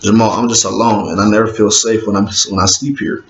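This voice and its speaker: A man reading the lines of a loud, bratty, drunk young woman in his own low voice, whiny and pouty. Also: steady tone, fairly quick. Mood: pleading. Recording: roomy, dull lo-fi with faint hiss.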